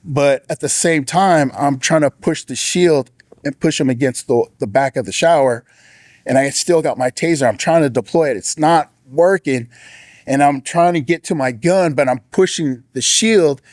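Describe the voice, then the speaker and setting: A man, a former deputy, giving an earnest personal testimony in a casual storytelling way, with frequent restarts and raised-pitch impressions of the people he quotes. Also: normal speed, darkish tone, no room sound, studio quality.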